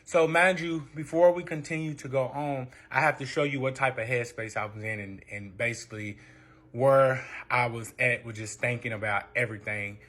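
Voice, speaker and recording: A man's voice: medium pitch, fairly even intonation, moderate pace, a bit bright. A young man telling a personal story in a casual vlog. He talks in an emotional, rambling way, with lots of cursing and fillers.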